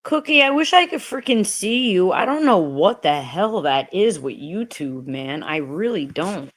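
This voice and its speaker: A woman's voice: lowish voice, very animated, a little slow, dry recording. A woman hosting a casual livestream, chatting bluntly and profanely with her viewers. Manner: blunt and profane, talking straight to the chat. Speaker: livestream host.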